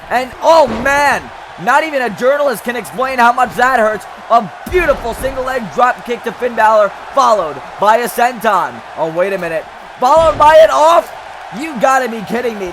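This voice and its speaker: High-pitched, shouting wrestling commentator man. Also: noisy background. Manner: loud, excitable, trash-talking wrestling announcer. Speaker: play-by-play commentator. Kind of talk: hyped wrestling commentary over video game footage.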